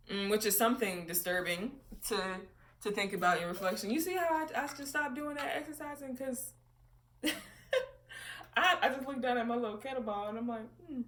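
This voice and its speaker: A woman's voice: on the high side, moderate pace, long pauses, fairly bright tone. A woman vlogging from home, talking candidly and profanely with frequent laughter while she reflects. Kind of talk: casual personal monologue. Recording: roomy echo, distant from mic.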